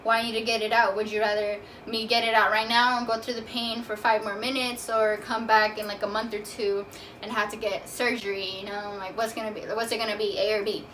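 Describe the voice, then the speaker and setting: A woman's voice: mid-range voice, flat delivery, fairly quick, fairly bright tone. A young woman casually telling a personal story in a vlog, talking loosely with lots of fillers. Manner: casual, chatty, many "like" fillers. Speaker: vlogger. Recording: from a distance, faint room noise.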